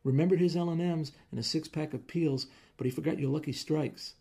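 A man's voice: a little high, a little fast, gravelly, warm tone, slightly rough, voice pushed up. A man voicing a nosy seven-year-old girl who tattles on the grown-ups. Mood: tattling.

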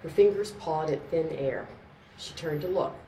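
A woman with a notably low voice reads a story aloud in a steady, measured way. The mic sits some way off in an echoing room, with a faint background murmur. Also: a little hiss or hum. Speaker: narrator. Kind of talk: scripted narration. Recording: roomy, distant mic, faint ambience.

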